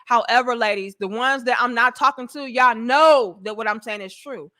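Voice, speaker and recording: Blunt, profane woman with a bright voice. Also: fairly high pitch, normal speed, dry recording, clean studio sound. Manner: blunt, profane, talks straight to the viewers. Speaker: host. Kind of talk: casual commentary vlog.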